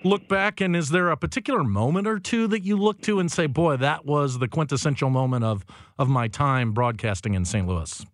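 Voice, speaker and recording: A man's voice: on the high side, animated, brisk, no echo. A man hosting a radio sports show, asking friendly, admiring interview questions in the studio.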